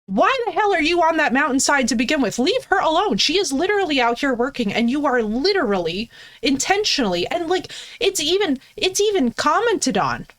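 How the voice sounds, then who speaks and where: A woman's voice: high voice, big pitch swings, a little fast, fairly bright tone. A woman streaming a game, ranting casually and profanely while answering her chat. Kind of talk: casual live-stream commentary.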